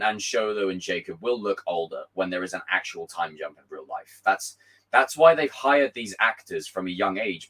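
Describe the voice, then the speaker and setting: A young man hosts a casual live stream, reading viewer messages in a hoarse, worn voice. His pitch swings widely as he gets excited, and he swears freely and sometimes breaks into shouts. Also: rough recording. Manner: animated, swearing, bursts into shouts.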